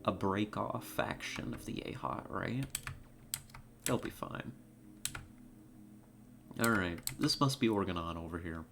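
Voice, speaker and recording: A woman's voice: very deep voice, expressive, normal speed, few pauses. A woman streaming a video game, talking casually and in an easily moved way, with lots of fillers and laughter. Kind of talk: casual live-stream commentary.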